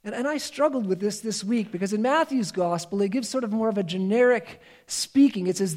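A man preaching a sermon in an earnest, emphatic way, moving between raised and hushed delivery. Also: sits high, animated, brisk, hardly any pauses.

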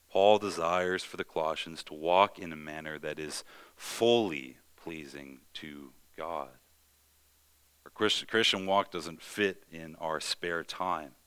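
A low-pitched man delivers a sermon, earnest and deliberate, leaning into emphasis and then easing back. His voice is bright and forceful, with a smooth, clear tone. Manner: earnest preaching with rising emphasis and measured pauses. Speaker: pastor.

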